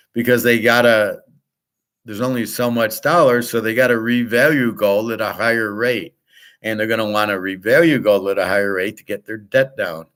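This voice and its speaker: A man's voice: fairly low pitch, fairly bright tone. A man delivering a blunt, profane monologue about markets, restarting and trailing off often. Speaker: sports betting and markets commentator. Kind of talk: ranting monologue.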